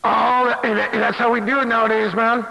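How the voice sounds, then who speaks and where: A man's voice: very high-pitched, level tone, normal speed, creaky. A man on a CB radio channel, mocking and swearing at another operator between bursts of laughter. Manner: mocking, profane, laughing taunts. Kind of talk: on-air radio banter. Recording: hissy CB radio with long reverb.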